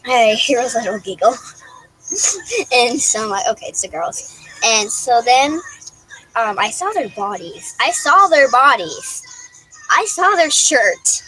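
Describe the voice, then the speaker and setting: A woman's voice: a little high, a bit bright, rough recording. A young woman vlogger rambling through a story to camera in a casual, giggly way, full of restarts and "like".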